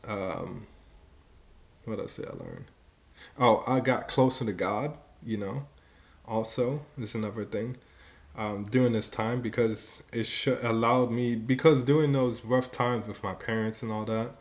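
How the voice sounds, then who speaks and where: Young man with a lower voice, confessional vlog delivery, meandering and filler-heavy. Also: fairly even intonation, unhurried. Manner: rambling, full of "like" and "you know"; casual swearing. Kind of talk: casual personal storytelling.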